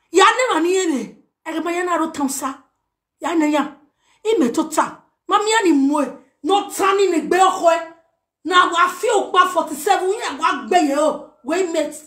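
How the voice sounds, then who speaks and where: A woman with a Nigerian accent delivering a heated, animated message to camera, mixing pidgin with a local language. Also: very high voice. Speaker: social media personality. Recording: roomy echo.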